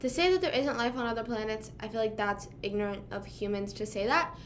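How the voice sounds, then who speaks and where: A woman's voice: a little high, a little fast, slight background noise. A young woman from Pennsylvania chatting casually with live viewers, rambling and self-deprecating, full of fillers. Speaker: livestream host.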